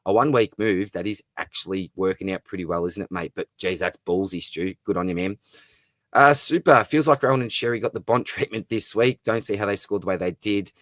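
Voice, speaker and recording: A man's voice: on the low side, fairly quick, fairly bright tone, no room sound. A man with an Australian accent hosting a live fantasy football stream, reading viewer comments and answering them in a chummy, upbeat way. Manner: chummy and upbeat, calls viewers mate and brother. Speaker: fantasy football livestream host.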